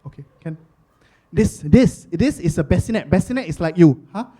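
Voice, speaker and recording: A woman's voice: on the low side, lively intonation, normal speed, mellow. A man voicing an exasperated young wife who scolds and lectures with a Singaporean accent, repeating herself. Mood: lecturing. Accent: Singaporean English.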